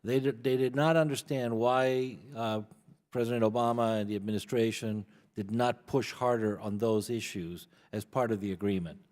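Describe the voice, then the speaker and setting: Male witness, medium-pitched voice, earnest testimony, repeats words at starts, reverberant hearing room. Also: fairly even intonation, moderate pace, a little mellow. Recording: long hall reverb.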